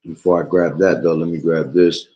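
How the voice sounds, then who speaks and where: A Bible teacher streaming online preaches about prophecy and reads scripture aloud, rambling and checking in with "all right?" as he loses his voice. He has a steady bass voice at a normal speed, on lo-fi audio.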